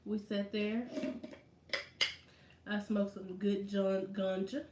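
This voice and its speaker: A woman vlogger in casual chat, telling stories in an animated, slangy way. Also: mid-range voice, slow pace, noisy background. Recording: roomy echo.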